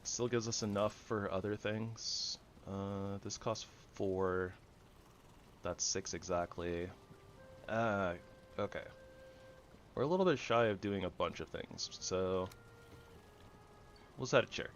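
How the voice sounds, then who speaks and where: A man giving goofy, rambling commentary over his own gameplay, jumping between loud excitement and soft mumbling. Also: on the low side, slow pace, long pauses, dull audio, slight background noise. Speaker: gaming channel host.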